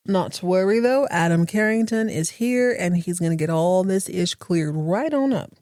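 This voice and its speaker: A woman's voice: on the low side, expressive, moderate pace, hardly any pauses, a little mellow, no echo, studio quality. A woman hosting a podcast, recapping a TV episode in a chatty, sassy, playful way. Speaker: podcast host.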